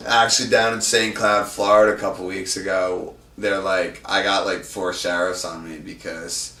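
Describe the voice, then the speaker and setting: A man guesting on a podcast, talking casually and profanely, sometimes loud and sometimes mumbling. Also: low-pitched, flat delivery, normal speed. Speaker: podcast guest, van traveler. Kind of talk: casual chat. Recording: roomy sound from a distant mic.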